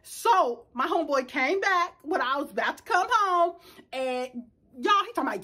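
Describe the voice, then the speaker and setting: A woman's voice: high-pitched, normal speed. A middle-aged woman, telling a dramatic story in casual chat to her viewers. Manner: animated, dramatic storyteller addressing viewers as y'all. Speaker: vlogger.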